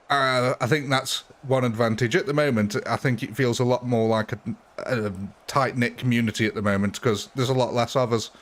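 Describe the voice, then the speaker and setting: Male live streamer, mid-pitched, casual and chatty, laughs often, talks to his chat at a desk mic.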